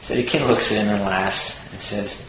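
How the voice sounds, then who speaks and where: A man's voice: on the low side, moderate pace. A man giving an explanatory Torah talk, earnestly working through the verses phrase by phrase. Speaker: Torah teacher. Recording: echoey room with steady noise.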